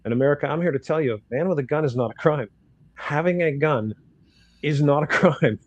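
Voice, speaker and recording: A man's voice: fairly high pitch, a little fast, dull audio. An older man, a grandfather, bluntly telling a story in casual talk and acting out the dialogue. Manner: blunt, outspoken, acts out dialogue in quotes. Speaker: guest commentator.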